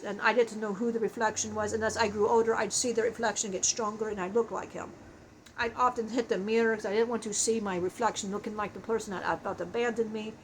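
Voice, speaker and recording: A woman tells a personal spiritual story with deep feeling, pausing and restarting as she goes. Her voice sits slightly high. A faint room ambience runs under her words. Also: a little hiss or hum, rough recording. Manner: halting, emotional, frequent restarts.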